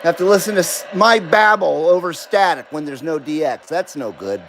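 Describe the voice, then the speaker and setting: A man's voice: a little high, animated, normal speed, a bit bright, a little hiss or hum, rough recording. A man hosting a casual live-stream about CB radio, chatting loosely, laughing often and reading viewer comments aloud. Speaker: CB radio livestream host.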